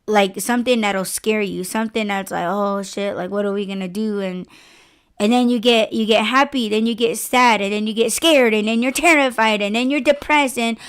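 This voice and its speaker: A woman hosting a podcast, talking in a rambling, profane, animated way in casual chat. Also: mid-range voice, moderate pace, smooth. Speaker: podcast host.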